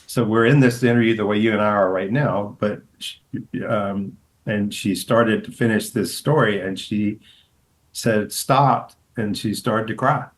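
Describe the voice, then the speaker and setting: In a storytelling interview, a Southern middle-aged man who is a pastor and author rambles through his tales at a measured pace, restarting often. He voices quoted people in a higher pitch, and the audio quality is low.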